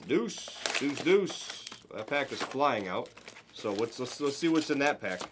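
A man hosting a live card break, giving excited running commentary as he opens packs and chats with viewers. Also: medium pitch, unhurried, background noise.

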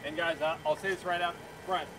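A talkative man with a slightly high voice gives frank opinions on a live stream. He is outdoors beside a car, a little distant from the phone mic, with clear background noise around him. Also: steady tone, a little fast. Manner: opinionated, chatty, with fillers. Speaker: car reviewer hosting a live Q&A. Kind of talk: casual live-stream chat. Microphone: phone camera.

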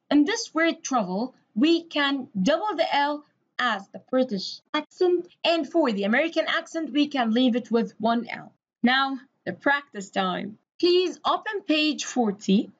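A woman's voice: high-pitched, very animated, a little slow, highs cut off. A woman from Egypt, an English teacher giving a recorded grammar lesson, explaining step by step and spelling words out letter by letter.

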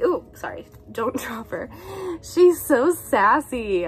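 A woman's voice: a little high, animated, takes it slowly, faint music behind. A woman in her twenties chatting casually as she unboxes gifts, bubbly and gushing, a little sick with a cough. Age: 20s. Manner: bubbly, gushing, breaks into brief song bits. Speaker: YouTuber unboxing a swap package.

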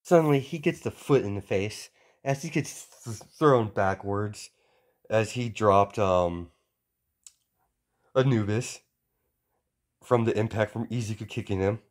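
A man's voice: fairly low pitch, unhurried, pauses often. A man improvising a fan story, hesitant and rambling, chaining clauses with "as". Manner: hesitant, many fillers and restarts, chains clauses with "as".

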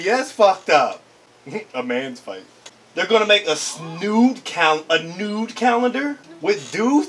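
A man with a high, bright voice reacts to an anime episode in a hyped, slangy way and breaks into laughter often. His delivery is unhurried, and his pitch swings widely. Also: expressive. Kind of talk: excited casual reaction commentary.

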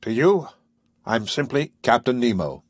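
A man's voice: mid-range voice, sing-song, no room sound, clean studio sound. A man voicing a stern, secretive male submarine captain who speaks coldly and formally, in an audiobook reading. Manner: measured, commanding, coldly formal.

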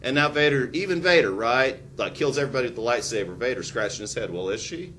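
A man's voice: mid-range voice, fast, slight background noise. Joking, sarcastic history teacher, man. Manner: animated, joking, sarcastic asides. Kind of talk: classroom lecture.

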